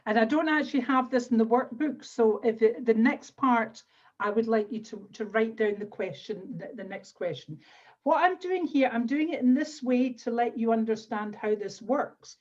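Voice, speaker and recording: Over a video call with dull, lo-fi webinar sound, a Scottish woman who works as an NLP trainer and coach instructs a live workshop, repeating phrases as she walks people through exercises. She sounds on the high side, animated and a little mellow, at a normal speed.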